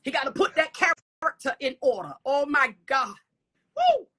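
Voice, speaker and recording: High, bright-voiced fervent woman preacher. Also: animated, moderate pace. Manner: breathy whispered asides, repeated "come on" and "hallelujah". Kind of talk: fervent sermon with prayer.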